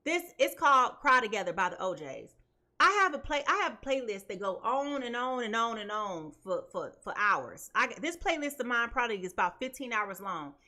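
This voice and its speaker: A woman who reads tarot and hosts her own channel offers casual commentary before a reading. Her fairly high voice moves fairly quickly, animated and emphatic, and she keeps asking listeners "okay?" She's chatty and colloquial, calling viewers "y'all."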